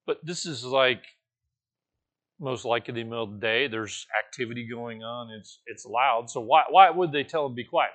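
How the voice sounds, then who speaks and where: A man's voice: medium pitch, expressive, normal speed, fairly bright tone. A man preaching a conversational sermon, correcting himself as he goes and rising now and then to emphatic, raised passages. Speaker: pastor.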